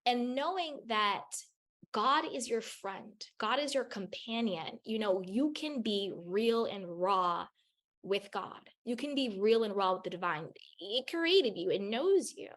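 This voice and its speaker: A woman with an expressive, medium-pitched, slightly bright voice speaks at a measured pace as a podcast guest. She offers spiritual advice with raw candor in conversation, swearing freely and repeating phrases to emphasize her points.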